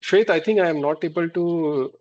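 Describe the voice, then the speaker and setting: A man's voice: fairly high pitch, moderate pace, darkish tone. A man hosting a club meeting on a video call, speaking in a friendly, hesitant way with many fillers. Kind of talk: casual online meeting talk. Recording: dull lo-fi call audio.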